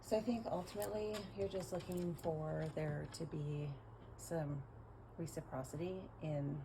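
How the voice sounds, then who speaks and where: A woman speaking in a matter-of-fact, measured way in conversation. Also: sits low, steady tone, creaky, noisy background.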